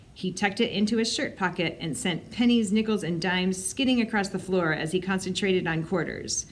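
A woman librarian reading a children's book aloud with expressive storytelling. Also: on the low side, a little hiss or hum.

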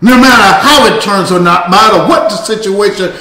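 A man preaching a sermon as pastor, in a slow cadence that climbs into shouts. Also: high-pitched, echoey room. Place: church sanctuary.

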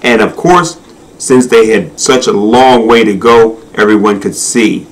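A man reading a children's storybook aloud in a slow, expressive, sing-song manner. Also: on the low side, low-quality recording. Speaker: narrator.

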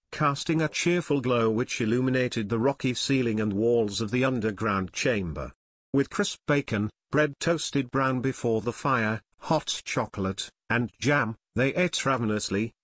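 A man narrating an unabridged audiobook in a steady, measured reading. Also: mid-range voice, dry recording.

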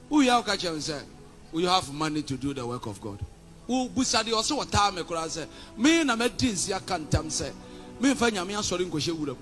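A man with a Ghanaian accent preaching a fiery, defiant sermon, shouting and mixing Twi and English. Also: high voice. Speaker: pastor.

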